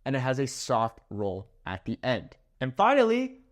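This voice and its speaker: A young man, a native English speaker, teaching Spanish pronunciation in an upbeat way, slowing down to spell out words and checking in with "okay?". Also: medium pitch, wildly swooping pitch. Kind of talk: energetic language lesson.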